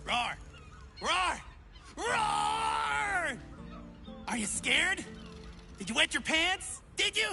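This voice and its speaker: A high, bright, gravel-edged voice of a hapless young would-be adventurer, as a performer plays him in a video game. He is excitable and clumsy, fumbling for words, his pitch leaping up and down with unhurried delivery. Faint game music sits behind him. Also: full character voice. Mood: eager. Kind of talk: video game character dialogue.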